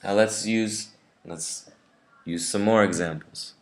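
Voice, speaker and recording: A man with an American accent gives an English pronunciation video lesson. His voice sits very low, and he talks at a slow, steady pace. He demonstrates each word deliberately. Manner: careful, demonstrates words slowly. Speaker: English teacher.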